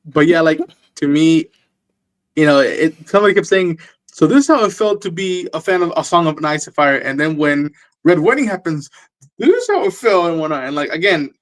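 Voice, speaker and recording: A man's voice: a little high, fairly quick. American man, podcast host, casual, rambling delivery. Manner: rambling, repeats words. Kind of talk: casual chat. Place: living in Japan.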